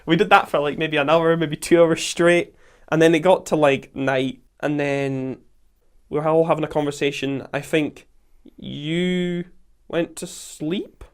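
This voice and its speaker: A man with a Scottish accent, hosting a podcast and telling a camping story in a casual, animated way, acting out quotes and laughing often. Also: a little high, a little slow, clear, resonant tone. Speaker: podcast host.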